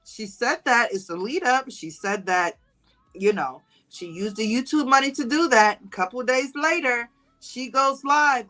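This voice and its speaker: In an unhurried way, a woman gossips on her livestream, talking casually to viewers. She brings her stories to life, voicing quotes higher and laughing often, though the recording is rough.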